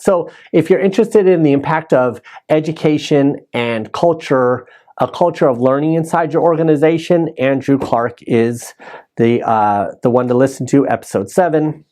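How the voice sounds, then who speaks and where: Mellow-voiced man rambling through a recap. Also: medium pitch. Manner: rambling, self-correcting with restarts. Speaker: podcast host. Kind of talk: casual solo recap.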